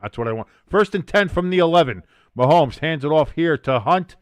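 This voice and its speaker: A young man calling the action for a live watch-along stream, his voice sitting a touch higher than most men's. The sound is close and dry with no room around it. He slips into loose asides with his viewers, then shoots up with excitement on the big plays. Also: fairly quick, clear, resonant tone, no room sound. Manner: chatty asides, reading out viewer comments. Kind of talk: casual play-by-play commentary.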